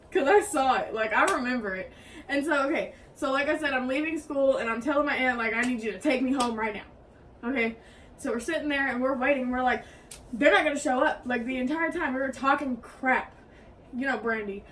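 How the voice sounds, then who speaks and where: A young woman with a drawl tells a story to a friend and slips into quoted voices with a raised pitch. Her voice sits high, and she sounds a little distant from the mic. A faint hiss runs underneath. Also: a little fast, fairly bright tone. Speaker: co-host. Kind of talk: casual storytelling.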